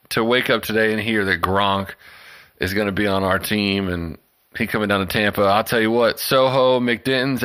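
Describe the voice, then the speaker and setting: A man's voice: lowish voice, clear, resonant tone. A man co-hosting a casual sports podcast, telling stories with plenty of swearing. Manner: animated storyteller, swears freely. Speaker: podcast co-host.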